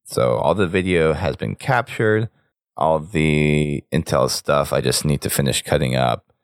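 Deep rumbling, gravelly and hoarse, this man hosts a casual podcast, talking his listeners through plans at an easy ramble. His voice sits at the very bottom of the range with lots of fry. It's recorded dry and close on a podcast mic. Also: a little slow, no echo. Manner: talkative, rambling sign-off. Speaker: podcast host.

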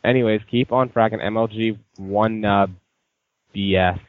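A man's voice: lowish voice, fairly even intonation, measured pace, dry recording, narrow, tinny audio. A man on a casual gaming podcast, easygoing and rambling as he shares his views. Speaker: podcast co-host. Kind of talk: casual group podcast chat.

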